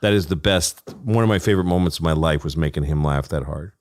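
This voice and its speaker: A man's voice: extremely low pitch, fast. A middle-aged man, a comedian, telling profane stories in casual chat and acting out the people he quotes. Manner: storytelling, profane, acts out quoted voices. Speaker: comedian guest.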